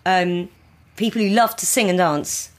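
A woman's voice: lowish voice, measured pace. A woman, a comedian, chatting as a podcast guest and laughing often. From United Kingdom. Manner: laughs often, breaks into comic voices of film characters. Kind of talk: casual podcast chat. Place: remote, across the ocean from the hosts.

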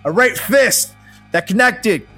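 A man's voice: high voice, animated, takes it slowly, bright, forceful tone, breathy edge, soft background music. A young man hosting a comedy podcast, telling a funny personal story in a profane, laughing, playful way.

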